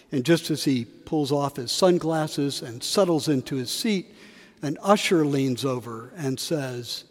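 A man preaches in a cathedral, his slightly high voice carrying a long echo through the stone space. He tells stories with shifting emphasis and briefly acts out the quotes. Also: lively intonation, unhurried. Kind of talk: sermon. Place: large cathedral.

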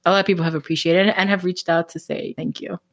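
Woman, Miami accent, rapid lively talk, lowish voice, author interview guest. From Miami, Florida. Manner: fast-talking, animated, laughs often. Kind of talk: casual interview chat.

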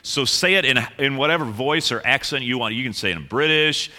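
A man's voice: medium pitch, fairly quick, sharp tone. A male pastor preaching a conversational sermon, playfully teasing the congregation and often repeating words as he goes.

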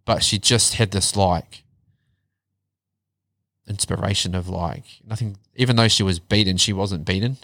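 Man, low pitch, dry close sound, casual storytelling, blunt, swears a lot. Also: measured pace, long pauses, no room sound. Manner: blunt, heavy swearing, animated retelling. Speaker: podcast guest.

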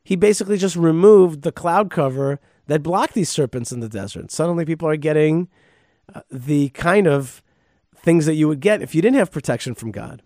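A man, a rabbi, giving a casual Torah lesson in a somewhat high voice. He reads verses aloud and then riffs freely, with restarts and sudden emphatic outbursts. The sound is close and dry, with no room echo. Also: animated, moderate pace, darkish tone. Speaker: rabbi and podcast host.

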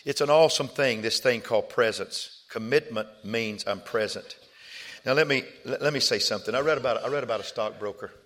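A middle-aged man, a pastor, preaching a sermon with call-and-response, surging loud and then dropping soft. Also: lowish voice.

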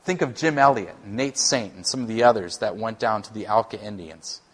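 A man, a worship pastor, preaching a conversational sermon, animated and at times self-deprecating. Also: lowish voice, fairly quick, slightly rough.

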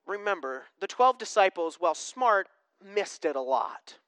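A pastor giving a sermon in a conversational way, asking the congregation questions and swinging between emphatic preaching and hushed tones. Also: medium pitch, very animated, measured pace, smooth, no echo.

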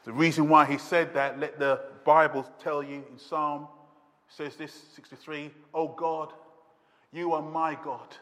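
A man's voice: fairly high pitch, fairly even intonation, unhurried, fairly bright tone, long reverb tail. A man preaching a sermon, quoting scripture dramatically with rising intensity. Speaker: pastor.

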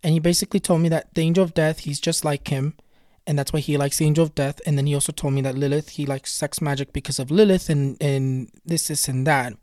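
A man with a fairly high voice tells a personal eerie story in a casual, earnest way. He repeats himself to build suspense and keeps retelling what was said. The sound is dry and close. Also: steady tone, fast talker, a little mellow, no room sound. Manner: earnest, retells dialogue with many "he goes" quotes. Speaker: spiritual storyteller and tarot reader.

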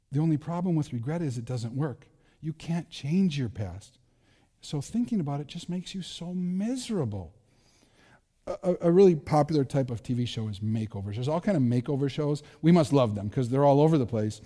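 Middle-aged male pastor, mellow voice, chatty self-deprecating sermon, echoey hall. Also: medium pitch. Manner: conversational, self-deprecating, frequent restarts.

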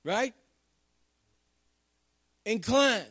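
Fervent high-voiced male preacher. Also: lively intonation, extremely slow, sharp tone, no echo, clean studio sound. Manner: fervent, Southern-tinged folksy preaching with call-outs to the congregation. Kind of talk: sermon.

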